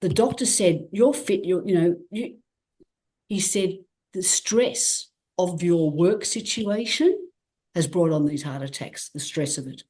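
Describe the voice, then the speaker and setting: A guest athlete from Australia speaks in a lowish voice at a measured pace during an interview. Her account is candid and lively, full of acted-out quotes and repeated restarts.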